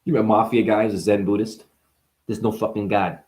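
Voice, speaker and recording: A man voicing a tough middle-aged male mafia guy with a New Jersey accent, gruff and profane. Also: fairly low pitch, steady tone, a little fast, darkish tone, pitched below the performer's own voice, natural voice. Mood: gruff bravado. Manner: gruff, profane, menacing bravado.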